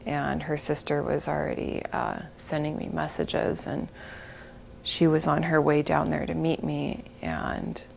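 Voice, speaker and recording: Middle-aged woman, emotional interview, low gravelly voice, unhurried halting delivery, faint hiss behind. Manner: halting, breaks off and restarts, sometimes drops to a whisper. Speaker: interviewee, bereaved mother.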